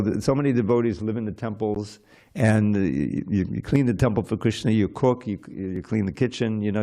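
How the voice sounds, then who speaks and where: A man with a gravelly, low voice leads an informal scripture class at a temple. He talks in a loose, digressive way and drifts into side stories, chuckling softly now and then. His tone is dark and mellow. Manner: conversational and digressive, with soft chuckles.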